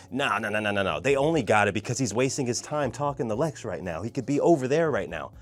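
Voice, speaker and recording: A man's voice: medium pitch, lively intonation, fast, few pauses. A man giving a casual, exasperated film review rant, swearing and acting out scenes. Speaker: movie reviewer.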